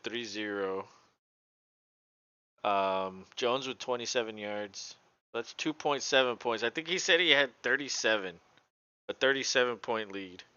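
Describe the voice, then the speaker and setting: A man's voice: fairly low pitch, bright, forceful tone, smooth, no room sound, highs cut off. A man hosting a casual live play-by-play show from home, chatting and laughing between plays. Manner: chatty, laughs often, talks to his dog. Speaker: podcast host doing live play-by-play. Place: home room with his dog.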